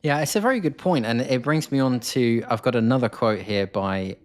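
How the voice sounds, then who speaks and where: A man with an English accent hosting a history film podcast, talking in a lively way and rising in pitch when he asks questions. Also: a little fast. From England. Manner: animated, rises in pitch when asking questions. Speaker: podcast host. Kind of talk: casual podcast discussion.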